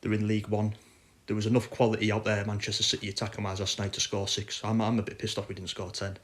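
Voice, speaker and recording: A man's voice: on the low side, monotone, quick pace, a bit bright. Frustrated man ranting. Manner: frustrated, blunt, swears. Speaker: football fan podcaster. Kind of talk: casual ranting chat.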